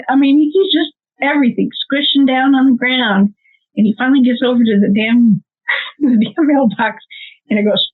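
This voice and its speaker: A middle-aged woman with a Midwestern American accent tells her story with animated, emotional energy, her voice sitting a little high for a woman. The sound comes through thin and tinny, like a phone line. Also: breathy edge. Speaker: nonprofit co-founder; guest. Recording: tinny phone-like call audio.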